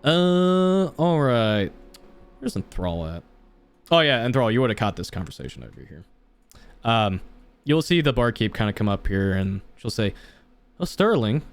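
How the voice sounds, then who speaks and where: A man's voice: lowish voice, very animated, moderate pace, long pauses. Casual young male game master. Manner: casual, filler-heavy, restarts often. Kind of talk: narrating a tabletop game.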